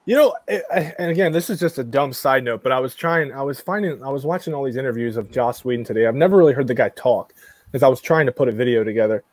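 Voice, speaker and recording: Quick talking guy rambling on a podcast, dry close sound. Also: mid-range voice, expressive, a little mellow, no room sound. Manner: rambling, self-interrupting. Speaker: podcast co-host. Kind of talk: casual chat.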